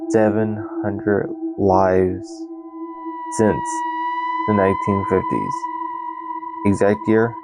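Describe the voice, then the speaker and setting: A young man talks slowly in a lowish voice, stumbling and restarting as he reads, with loud music under him the whole time. He sounds casual and unscripted, often stopping to react to what he has just said. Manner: halting, stumbles and restarts, repeats "that's insane". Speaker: channel host. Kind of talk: casual unscripted storytelling and reading aloud.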